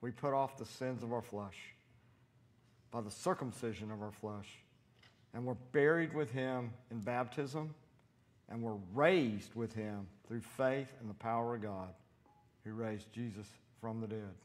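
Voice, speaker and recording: A man preaching in a church, voice set in the middle of the male range. He tells stories with animated energy and often jumps into loud acted-out quotes. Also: medium pitch, unhurried. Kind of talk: sermon with storytelling.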